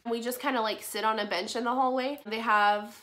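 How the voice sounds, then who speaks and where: A woman's voice: on the high side, fairly even intonation, fairly quick, a bit bright. A young woman casually telling a personal story on her vlog, frank and full of swearing and "like". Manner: frank, swears a lot, heavy use of "like". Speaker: vlogger.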